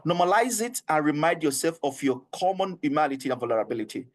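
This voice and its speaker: A man's voice: on the high side, animated, fast. A man with a Nigerian English accent, an HR trainer giving an online training session, earnest and coaxing, repeating his points and often laughing.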